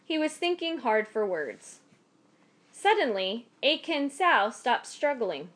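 A woman narrating a folk tale in a measured, expressive storytelling manner. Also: high voice.

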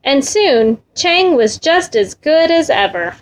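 A woman reading a children's story aloud in a gentle, rhythmic way, repeating phrases. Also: high voice, sing-song, takes it slowly.

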